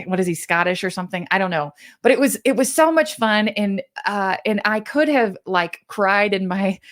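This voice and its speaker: A woman from Kansas hosting a motivational podcast, telling stories in an earnest, encouraging way with frequent restarts. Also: mid-range voice. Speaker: podcast host and business coach.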